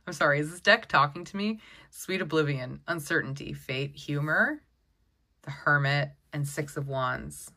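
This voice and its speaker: A woman giving a casual tarot deck walkthrough, chatty and excitable, often exclaiming over the cards. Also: low-pitched, normal speed. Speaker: tarot content creator.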